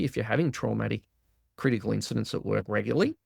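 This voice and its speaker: A man talks through ideas with animated energy, often slipping into quoted inner voices. His voice carries a gravelly edge, recorded dry and close with no room sound. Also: on the low side, fast talker, dry recording. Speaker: guest, trauma release exercise practitioner. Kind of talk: explanatory interview talk.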